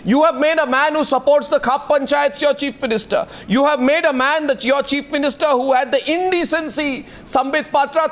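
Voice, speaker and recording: A man's voice: extremely high pitch, a bit bright. A man anchoring a TV news debate, pressing guests and repeating his demands over them. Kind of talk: confrontational TV debate moderation.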